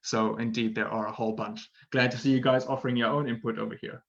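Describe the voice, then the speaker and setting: A man gives a relaxed online English lesson in an ordinary mid-pitched voice. He talks chattily and encouragingly, checking in with listeners again and again. The audio is a little dull and lo-fi. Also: fast talker, gravelly. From Britain. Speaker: English teacher.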